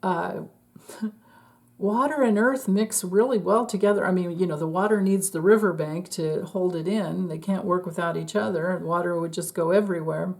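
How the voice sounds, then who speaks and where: Chatty woman with a mellow voice. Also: fairly low pitch, moderate pace, vocal fry. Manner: chatty, laughs often, trails off and restarts. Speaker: astrologer. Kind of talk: casual solo astrology forecast.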